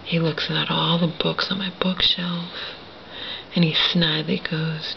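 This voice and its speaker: A vlogger talks to the camera in a low, hushed, gravelly whisper, swearing bitterly through a personal monologue. Her tone stays level and her pace moderate. The lo-fi recording sounds dull, with a faint hiss underneath.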